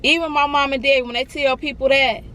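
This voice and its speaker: A woman with a fairly high voice tells an emotional storytime to her viewers. She sounds earnest and encouraging and keeps repeating her phrases. Faint vehicle noise hums in the background. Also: steady tone, brisk. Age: adult. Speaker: vlogger.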